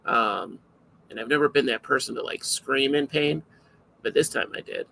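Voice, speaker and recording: Gravelly-voiced man hosting a podcast. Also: medium pitch, moderate pace, sharp tone, a little hiss or hum, low-quality recording. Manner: rambling, loose and self-interrupting. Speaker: podcast host. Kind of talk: casual live podcast chat.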